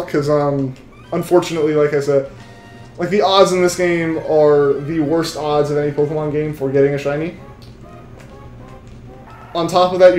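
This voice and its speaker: A young man live-streams a game while shiny hunting, chatting casually with viewers and constantly restarting his sentences as he rambles. His voice is a little high with a darkish tone, and the audio sounds roomy.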